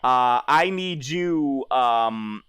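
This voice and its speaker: A man's voice: mid-range voice, expressive, very slow, a bit bright, clean tone, no echo. A man running a tabletop game as game master, talking in a hesitant way with many fillers and restarts.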